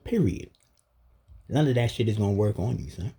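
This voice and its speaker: A man vlogging in a casual, emphatic rant full of street slang, with a husky voice. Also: lowish voice, animated, moderate pace, warm tone. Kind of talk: casual monologue.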